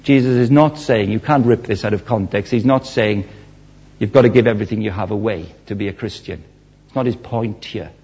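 Male preacher, husky, storytelling with big acted swings; muffled lo-fi sermon recording. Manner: animated storytelling, acts out quotes with big swings in pitch and loudness.

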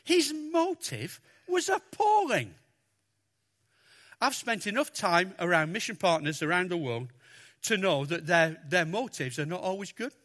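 A man preaching a sermon, talking through a Bible passage with lots of expression and acting out the lines he quotes. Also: normal speed. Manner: expressive, animated, acts out quotes with raised pitch.

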